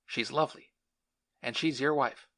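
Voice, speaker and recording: A man's voice: medium pitch, normal speed, fairly bright tone, natural voice. A man voicing a frail, earnest young male war veteran who talks in an urgent, pleading way.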